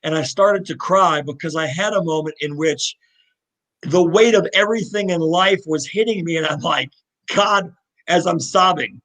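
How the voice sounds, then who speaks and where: With a slightly high voice and a moderate pace, a middle-aged Louisville, Kentucky native tells his story as a live interview guest. He's earnest, heartfelt, and animated, restarting again and again, and the recording is rough.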